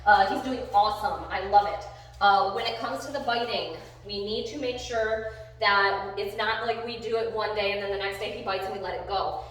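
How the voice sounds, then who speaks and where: A woman dog trainer giving a live demonstration, switching between bursts of excited praise and calm explaining. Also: medium pitch, normal speed. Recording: very echoey room, voice from far off the mic.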